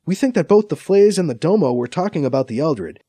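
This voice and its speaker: A man voicing a sharp, guarded woman officer with a terse manner. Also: fairly high pitch, animated, brisk, husky, no room sound, clean studio sound, pitched above the performer's own voice.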